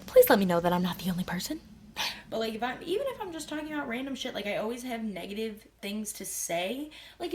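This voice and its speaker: A young woman vlogging casually about herself, candid and self-deprecating, swearing freely and rambling with quick asides. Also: on the high side. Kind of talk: casual talking-head vlog.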